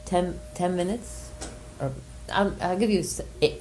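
An older woman with a low, mellow voice guides a small group through a reflective exercise. She talks gently and hesitantly, pausing often and filling gaps with soft fillers. A faint background hum sits under her voice. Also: expressive. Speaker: workshop leader. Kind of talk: guiding a group exercise and sharing a personal story.

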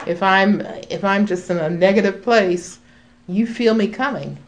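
A woman speaking earnestly and reflectively to a group, explaining ideas with frequent pauses and fillers. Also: medium pitch. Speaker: speaker leading a spiritual group talk.

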